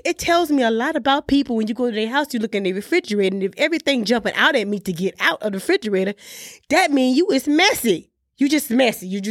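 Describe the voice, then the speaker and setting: A woman's voice: fairly high pitch, dry recording, studio quality. A woman radio host on an emphatic, scolding rant, calling listeners "honey" and pressing "okay?". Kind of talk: ranting monologue. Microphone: studio microphone.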